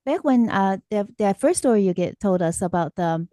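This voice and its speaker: Female radio interviewer; warm, dark tone, halting delivery with uh's. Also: medium pitch, lively intonation, dry recording, studio quality. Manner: hesitant questions with many fillers. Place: radio studio.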